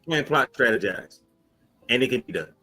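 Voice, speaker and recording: A man's voice: mid-range voice, animated, normal speed, rough recording. A male co-host on a talk show, speaking emphatically with punchy repeated phrases and pointed questions. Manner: emphatic, punchy, calls for action. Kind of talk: impassioned talk show commentary. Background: soft music bed.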